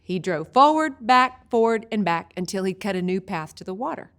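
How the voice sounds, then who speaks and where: A woman teaching a video Bible study, an expressive storyteller who slows down for vivid images. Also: mid-range voice.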